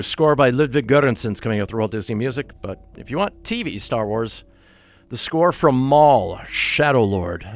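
A male radio host reading out a list of new releases, briskly, with wry asides when he corrects himself. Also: mid-range voice. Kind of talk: radio music show, listing soundtrack releases.

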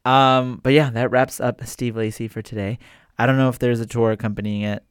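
A young man co-hosting a casual radio music chat, relaxed, with lots of fillers. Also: mid-range voice, a little fast, clean tone, dry recording, studio quality. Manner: relaxed, laughs easily, many fillers. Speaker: co-host.

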